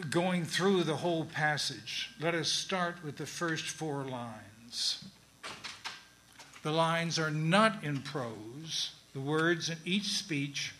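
A man teaching a class on verse and syllables, speaking slowly and deliberately with many pauses. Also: fairly high pitch, sharp tone, echoey room, a little hiss or hum, rough recording.

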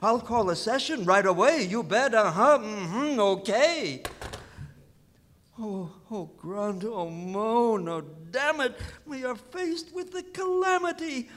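A frazzled cosmic official in an old rhymed radio play. His voice sits high and leaps all over the place, fussing and fretting at an unhurried pace. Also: animated, fairly bright tone, heavily acted. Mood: fretful. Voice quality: fussy, fretful, theatrical. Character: flustered cosmic official, fussy middle-aged man. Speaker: vice president in charge of physiochemistry.

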